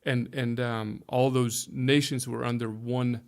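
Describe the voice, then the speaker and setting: Interviewed as a guest, the fifty-something pastor from Hungary chooses his words with care and restarts often while looking for the right English. He talks a little slowly, at medium pitch, with a flat delivery.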